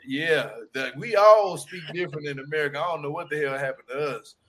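A man's voice: on the high side, a little fast, fairly bright tone. A man from Louisiana with a Shreveport accent, chatting casually, laughing often and swearing freely. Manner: laughs often, loose and profane. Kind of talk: casual chat.

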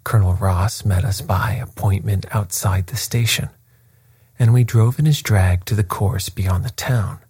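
Slow, husky-voiced male narrator. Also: lowish voice, darkish tone, no echo. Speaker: audiobook reader. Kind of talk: scripted narration.

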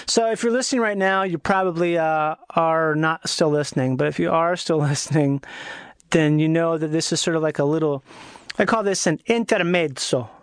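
A man's voice: fairly high pitch, no room sound. A man hosting a podcast alone, rambling and swearing in a loose comedic monologue with many restarts. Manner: rambling, profane, self-interrupting. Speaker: podcast host.

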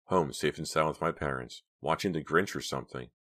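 A man's voice: brisk, a bit bright. A man voicing a frightened teenage girl, anxious and pleading. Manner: anxious, pleading, high and strained.

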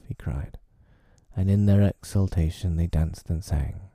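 Deep, gravelly male storybook narrator. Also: measured pace, dark tone, dry recording, studio quality. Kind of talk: storybook reading.

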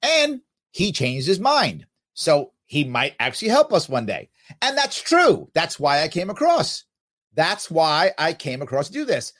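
Man, 50s, podcast host reading comments aloud: lively swooping delivery, pitched a touch high. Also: measured pace. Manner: animated, emphatic, quotes others in exaggerated voices. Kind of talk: casual talk reading listener comments.

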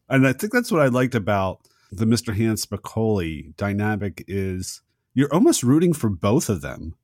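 A man with a fairly low voice chats about a favorite movie scene in an easygoing, agreeable way. The recording is dry, with no room sound. He tells the story at a relaxed, conversational pace. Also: dry recording. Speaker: podcast co-host. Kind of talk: casual movie discussion.

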